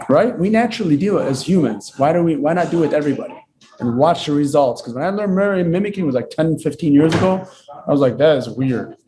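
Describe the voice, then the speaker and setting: A man from Lebanon, a real estate agent, telling stories animatedly and repeating points for emphasis. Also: a little high. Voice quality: acts out dialogue, repeats himself for emphasis. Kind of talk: animated storytelling on a call.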